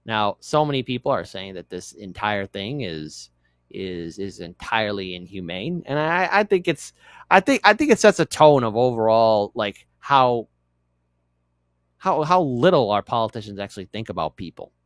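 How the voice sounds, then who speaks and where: A man's voice: on the low side, big pitch swings, normal speed, no room sound. A man hosting a casual news commentary show, joking and often repeating words.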